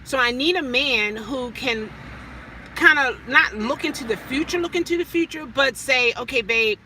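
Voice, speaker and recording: A woman's voice: sits high, moderate pace, a little hiss or hum. Chatty woman in a parked car. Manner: chatty, animated storytelling with fillers. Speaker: rideshare driver and vlogger. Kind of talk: casual chat.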